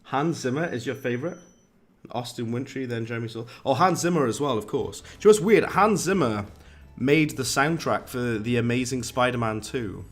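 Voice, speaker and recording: Casting: posh-sounding man, rambling game-stream chatter, mid-pitched. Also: brisk, soft background music. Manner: chatty, rambling, talks to viewers. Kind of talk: casual game-stream chat.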